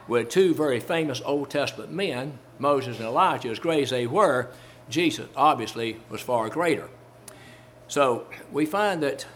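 A man preaching a sermon at a mid-range pitch, hammering home repeated phrases and tossing rhetorical questions at his congregation. He quotes old-style scripture with steady conviction. A faint hiss of noise sits under the recording. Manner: quotes King James scripture. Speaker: Baptist preacher.

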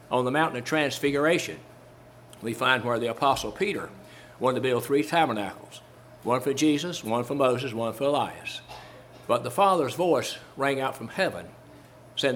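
Delivering a sermon as a Baptist preacher, this man speaks in an expressive mid-range voice at a moderate pace, slightly bright, with a little hiss or hum. He leans on repeated phrases, old-style King James verses, and rhetorical questions aimed at the congregation.

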